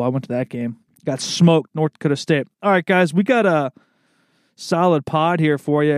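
A man's voice: a little high, a little mellow, no echo. Laid-back East Coast guy, dry studio. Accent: American East Coast. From Maryland, USA. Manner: laid-back, rambling, swears freely. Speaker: podcast host. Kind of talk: casual solo podcast monologue. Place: recording studio.

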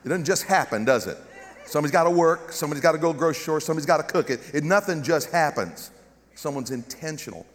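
A man's voice: on the high side, fast, in a large hall. A middle-aged man with a Southern American accent, preaching a humorous sermon as a guest pastor and calling for amens. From United States. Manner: joking, animated preaching with calls of amen. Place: large church with balcony.

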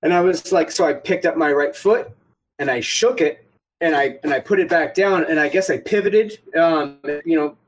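A man's voice: on the high side, normal speed, rough recording. A man casually telling a rambling, profane story about getting shot at an airsoft game. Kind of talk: casual podcast chat.

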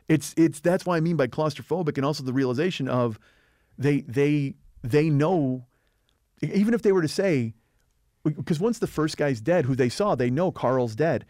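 A man co-hosting a podcast, retelling film scenes in a fast, animated, profane way in casual discussion. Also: a little high, dry recording, clean studio sound. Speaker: podcast co-host.

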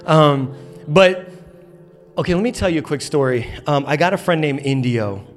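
A man's voice: fairly high pitch, lively intonation, normal speed. A man in his thirties preaching a sermon in a church auditorium, telling a funny story with lots of energy and playful acted quotes. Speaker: pastor.

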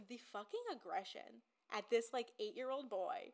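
A woman's voice: on the high side, normal speed, vocal fry, slight background noise. A young woman co-hosting a podcast, chatting casually with sarcasm and swearing. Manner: sarcastic, profane, recounts scenes in quoted voices. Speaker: podcast co-host. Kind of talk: casual chat.

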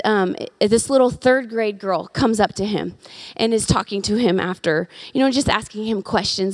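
A young woman delivers a sermon, swinging between gentle storytelling and loud, emphatic exhortation. Her voice sits fairly high. Soft guitar plays faintly underneath. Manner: builds to emphatic exhortation, drops soft for stories. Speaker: pastor. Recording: soft guitar music behind.

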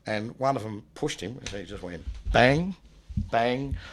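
A man telling a personal story in a rambling, halting way, often dropping low and quiet. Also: lively intonation, slight background noise. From Australia. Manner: rambling, many restarts, low and subdued when recalling loss. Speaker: guest telling his life story. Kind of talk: casual spoken storytelling.

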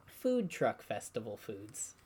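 Animated New York podcast co-host, argumentative. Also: male voice, on the low side, slow pace, breathy edge. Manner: animated, argumentative, repeats words for emphasis. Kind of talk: casual chat.

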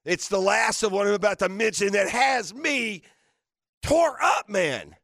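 Radio guy going off, high gravelly voice, all over the place pitch-wise, dry studio sound. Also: lively intonation, measured pace, no room sound. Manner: fiery, mocking, shouting bursts. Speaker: sports radio host. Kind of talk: heated sports radio rant.

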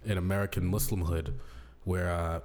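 A man's voice: low voice, normal speed. A man in his late thirties co-hosting a podcast, chatting in a casual, joking way. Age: late 30s. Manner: animated, jokey, breaks into laughter and mock accents. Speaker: podcast co-host. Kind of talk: casual comedic chat.

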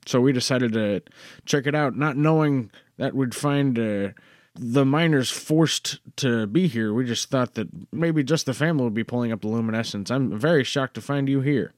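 A man speaking in character as a player in a tabletop role-playing game, measured and slightly formal. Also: medium pitch, no echo, clean studio sound.

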